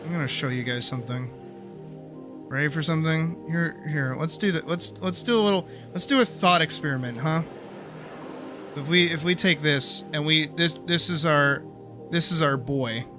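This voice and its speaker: A man streaming live, talking casually and getting wildly animated, swearing freely as he demonstrates his art. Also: fairly high pitch, moderate pace, over music. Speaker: streamer and artist.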